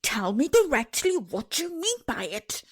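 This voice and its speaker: A woman's voice: expressive, takes it slowly, husky, heavily acted. A woman voicing an angry nursemaid who scolds a child sharply. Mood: scolding. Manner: scolding, shrill.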